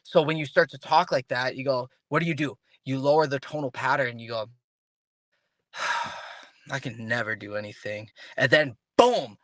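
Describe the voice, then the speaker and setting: This man, a guest on an interview show, talks casually and with energy, often restarting his thoughts and performing the voices of those he's quoting. His voice is medium-pitched and fairly quick, with hardly any pauses, and the recording has no room sound.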